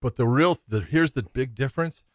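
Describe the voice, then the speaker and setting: A man's voice: medium pitch, moderate pace, no echo. Enthusiastic man in a dry room. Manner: enthusiastic, repeats phrases, swears casually. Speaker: podcast co-host. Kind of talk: casual MMA podcast chat.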